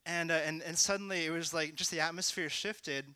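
A young man sharing a testimony in a casual, rambling way, full of "like" and "you know", at times rising to shouting. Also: fairly high pitch, steady tone, a little fast, clear, resonant tone, dry recording. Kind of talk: testimony talk.

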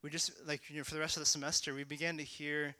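A young man shares his testimony casually, peppering his speech with "like" and "you know," and his flat delivery sometimes rises to shouts. His voice is bright, crisp, and slightly high for a man, moving at a quick pace. The recording is close and dry, with no sense of room.

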